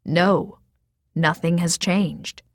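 A steady, stubborn father speaks in slow, resolute words, as a woman narrating a storybook voices him. His voice sits a little low, and the sound is dry and close. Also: no echo. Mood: firm.

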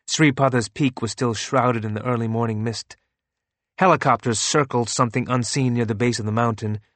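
A man narrating a novel as an audiobook in a steady, even reading. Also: medium pitch, moderate pace, dry recording.

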